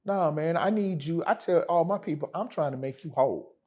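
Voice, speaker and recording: A man's voice: a little high, fairly quick, darkish tone. A man speaking as a lawyer guest in a casual interview, telling stories in an emphatic, slangy way. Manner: emphatic, slangy, addresses host as man and brother.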